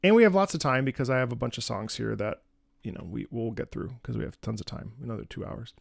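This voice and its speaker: Gravelly, earnest man streaming. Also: mid-range voice, very animated, fast, dry recording, studio quality. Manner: rambling, repeats words and restarts often; earnest, swears casually. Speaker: streamer reacting to music. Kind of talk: casual livestream chat.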